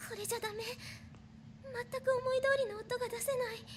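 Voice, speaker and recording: Hinako, a timid anxious schoolgirl. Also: fairly even intonation. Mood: fretful. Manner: fretful, quick, high-pitched. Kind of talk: Japanese game voice acting.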